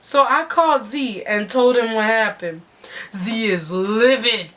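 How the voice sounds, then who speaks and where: A woman giving an animated dramatic reading of a story, swearing freely and breaking into shouts. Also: on the high side, unhurried.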